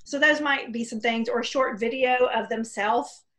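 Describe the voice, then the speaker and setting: A woman with a fairly high voice hosts a relaxed conversation over a video call. She is chatty and encouraging and laughs easily between questions. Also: normal speed. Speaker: host. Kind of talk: casual video-call interview.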